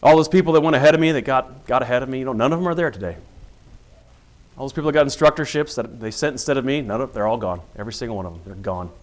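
A man's voice: medium pitch, very fast. A middle-aged man, a police officer, telling a personal story in earnest and acting out the dialogue as a testimony of faith.

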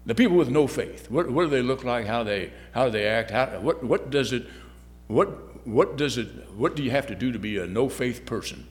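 Male lay preacher, mid pitch, halting and repetitive delivery, long hall reverb. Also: lively intonation. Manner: halting, repeats words, swings loud and soft. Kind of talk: sermon.

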